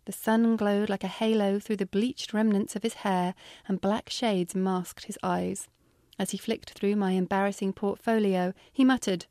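A woman's voice: medium pitch, flat delivery, normal speed, dark tone, dry recording. British woman reading her memoir, wry. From Britain. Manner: wry, dry humor. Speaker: author.

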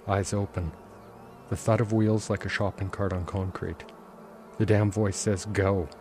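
A man, the author, reading aloud from his own novel in a measured, intense first-person narration. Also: fairly low pitch, flat delivery, darkish tone, slight background noise. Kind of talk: literary reading.

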